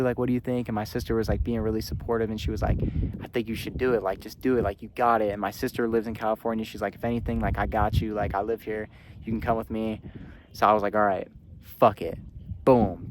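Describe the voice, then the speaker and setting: Young guy vlogging, low monotone voice, rambly and candid, says like a lot, faint background hum. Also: fast talker. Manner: rambling, heavy use of filler "like", candid. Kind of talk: personal storytelling.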